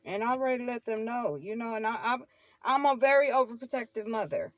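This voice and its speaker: A woman's voice: a little high, a little fast, no echo. A middle-aged woman, talking straight to her viewers in a casual monologue, emphatic and repetitive, laughing often. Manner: emphatic, repeats herself, laughs often, preachy asides. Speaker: tarot channel host.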